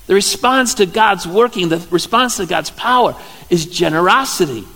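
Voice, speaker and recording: A man, a pastor giving a sermon in a playful, joking storytelling way with sudden loud exclamations. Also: sits high, animated, moderate pace. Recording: church hall reverb.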